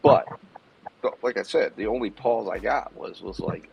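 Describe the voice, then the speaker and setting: A man's voice: on the low side, lively intonation, a little slow, creaky, highs cut off, background noise. A man talking casually on a stream, rambling and hesitant, restarting his sentences often. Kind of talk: casual live-stream talk.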